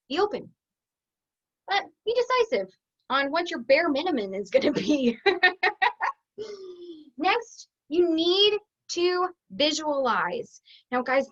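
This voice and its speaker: A woman's voice: sits high, a bit bright, muffled recording. A woman business coach teaching an online masterclass, upbeat and conversational, acting out the thoughts she quotes.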